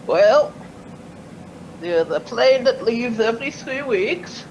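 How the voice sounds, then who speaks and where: A man's voice: very high voice, lively intonation, slow, a little mellow, muffled recording, slight background noise, pitched above the performer's own voice, heavily acted. A man voicing an old, plain-spoken male community leader in a tabletop game. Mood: matter-of-fact. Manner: matter-of-fact, adjusting his glasses.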